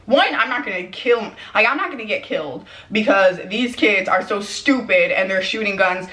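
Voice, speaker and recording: Young woman vlogger, casual storytime, lively quoted voices, middle pitch, roomy echo. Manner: animated, quotes people in quick put-on voices. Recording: echoey room.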